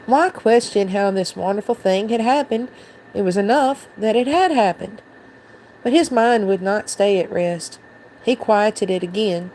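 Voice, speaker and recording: A woman reading a storybook aloud to her viewers at a mid-range pitch. She keeps the narration steady and even, with a faint hiss behind her. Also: a little slow, poor audio. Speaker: channel host reading aloud.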